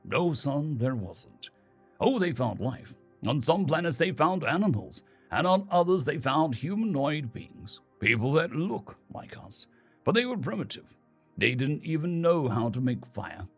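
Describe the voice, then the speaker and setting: A man voicing a gentle young father who explains things slowly and patiently to his son. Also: on the high side, very animated, slightly rough, faint music behind, full character voice. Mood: patient, explaining. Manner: slow, explaining tone.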